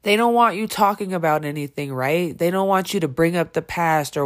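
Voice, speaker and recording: A woman's voice: fairly low pitch, a little fast, few pauses. A woman speaking on her podcast in a candid personal monologue. She is blunt and emphatic, swears often, and halts with many fillers and restarts. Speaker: podcast host.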